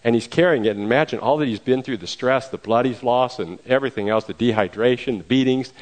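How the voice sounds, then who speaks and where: A man preaching a storytelling sermon, retelling events in a lively way with acted quotes. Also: medium pitch, fast, rough recording.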